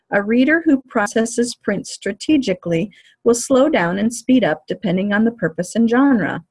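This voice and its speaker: A woman giving a lecture on teaching reading, in a clear, measured, explanatory way. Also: mid-range voice, a little mellow. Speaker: teacher educator.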